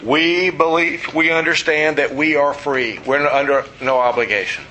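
A man's voice: a little high, steady tone, moderate pace, sharp tone, slight background noise, low-quality recording. A man preaching a sermon, emphatic, asking his listeners questions and answering them himself. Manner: emphatic, asks the audience questions.

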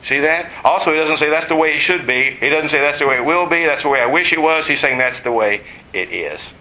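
A man's voice: fairly high pitch, fairly quick, sharp tone, low-quality recording. A man preaching a conversational teaching sermon, explaining verses and adding joking asides.

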